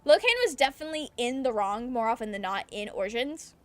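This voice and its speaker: Fast and expressive with a fairly high pitch, a young woman streams a video game and chats casually. She reads chat out loud, laughs often, and breaks into swearing rants.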